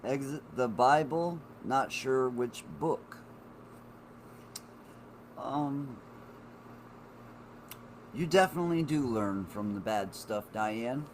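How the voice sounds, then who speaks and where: A man's voice: medium pitch, slow pace, pauses often, a little hiss or hum. A man in his forties chatting on a live stream, rambling and swearing while he talks to his viewers. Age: 40s. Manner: rambling and profane, talking to chat viewers. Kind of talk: casual live-stream chat.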